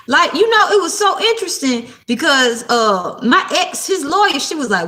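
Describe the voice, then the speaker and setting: A woman's voice: extremely high pitch, big pitch swings, normal speed, hardly any pauses, pushed and bright. A woman in her thirties doing a casual spiritual tarot vlog, talking bluntly, defiantly and with plenty of swearing. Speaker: tarot card reader. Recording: echoey room.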